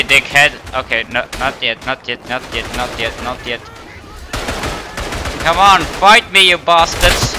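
A man's voice: mid-range voice, background noise. A man commenting on his own game play, panicky, profane and self-mocking. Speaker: gamer. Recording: game gunfire and explosions behind voice.

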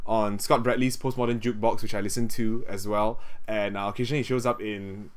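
A man's voice: lowish voice, steady tone, brisk. Male co-host, casual reaction chat, rambly with fillers, enthusiastic. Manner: rambling, many fillers and restarts; enthused, easily impressed.

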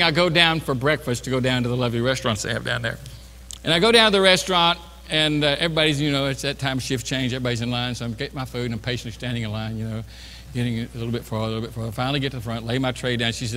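A man's voice: mid-range voice, rapid-fire, pushed and bright, a little hiss or hum. A middle-aged man, a pastor telling a self-mocking story in a sermon, chatty and full of restarts. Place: church sanctuary. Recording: reverberant church hall.

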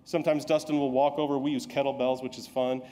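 A man's voice: mid-range voice, little pitch movement, fast, mellow. A male pastor preaching a sermon in a conversational, self-deprecating storytelling way, acting out the lines of people he quotes.

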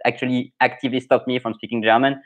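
A man's voice: medium pitch, level tone, fast, narrow, tinny audio. A man with a French accent, a pronunciation coach hosting a casual live stream, answering viewer comments in a frank, opinionated way. English is not his first language. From France.

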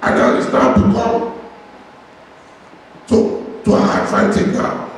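High-voiced pastor preaching in an echoey hall. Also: male voice, fairly even intonation, distant mic, background noise. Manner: impassioned preaching with long pauses. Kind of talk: sermon. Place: church hall. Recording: echoey hall, heard from afar.

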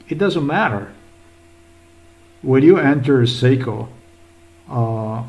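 A man's voice: medium pitch, darkish tone, low-quality recording. A man rambling through an agitated commentary while browsing, swearing often and repeating himself. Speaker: vlogger. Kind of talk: rambling screen-recorded commentary.

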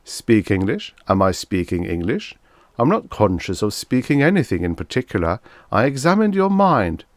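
A man's voice: fairly low pitch, sing-song, moderate pace, dry recording, voice pushed up. A man voicing a courteous, good-natured alien creature that speaks formally in a vintage science fiction audiobook. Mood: genteel.

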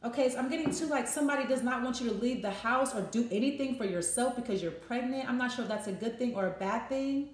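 A woman's voice: a little high, quick pace, few pauses. A woman doing a casual tarot reading, thinking aloud and acting out short quoted voices. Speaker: tarot reader. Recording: echoey room with faint noise.

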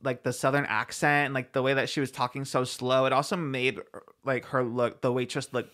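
A podcast co-host in casual chat. The delivery is unhurried and full of fillers and restarts while retelling a story. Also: mid-range voice, level tone, fairly bright tone. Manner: recounts stories slowly, with filler words and restarts.

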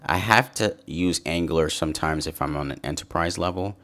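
A man giving a relaxed, upbeat screen-share coding tutorial as a software developer. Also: low-pitched, fairly quick. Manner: relaxed, upbeat, says "sweet" and "awesome". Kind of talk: casual screen-share walkthrough.

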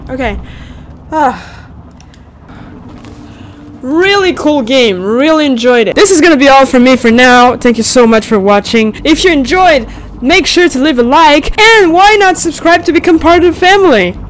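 A young woman hosting a gaming channel, excitedly playing a VR racing game, yelping and laughing. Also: high-pitched, moderate pace, slight background noise. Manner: excitable, shrieking and laughing a lot. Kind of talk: screaming VR gameplay commentary. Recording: game music underneath.

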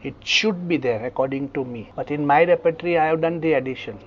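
A man's voice: fairly high pitch, fast, muffled recording, slight background noise. A man with an Indian English accent giving a classroom lecture, telling vivid stories and often checking that students follow. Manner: animated storytelling, frequent check-ins with students. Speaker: homeopathy lecturer.

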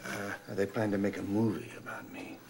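An actor playing a vain, ambitious small-town doctor with a gravelly, self-important manner. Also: male voice, fairly low pitch, flat delivery, normal speed, noisy background. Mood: boastful.

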